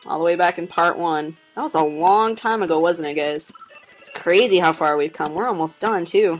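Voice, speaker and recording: A young woman with a lowish voice and moderate pace does casual let's play commentary, chatting with viewers while she plays, laughing a lot and swearing freely. Faint music sits behind her on a rough recording.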